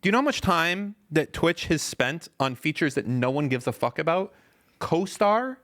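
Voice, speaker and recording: A man co-hosting a casual podcast, insisting on his point with heavy emphasis and frequent swearing. His voice is lively, swinging up and down in pitch as he argues. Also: normal speed. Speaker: podcast co-host.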